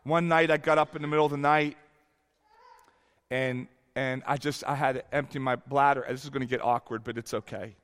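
A man in his fifties preaching a sermon, telling a candid personal story that moves from hushed lines to exclaiming ones. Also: medium pitch, fairly even intonation, brisk, smooth, long reverb tail. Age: 50s. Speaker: pastor.

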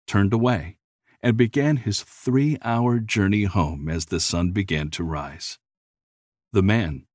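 A man narrating a storybook tale in an expressive, measured reading style. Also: low-pitched, no room sound, studio quality.

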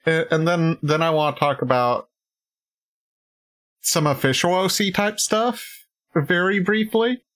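A podcast host in casual chat, talking slowly with many fillers and restarts. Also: female voice, sits low.

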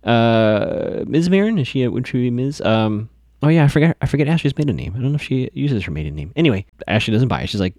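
A man's voice: lowish voice, animated, fast, darkish tone, dry recording, clean studio sound. A man hosting a podcast, recapping a TV episode in a chatty, digressive way with lots of fillers and restarts.

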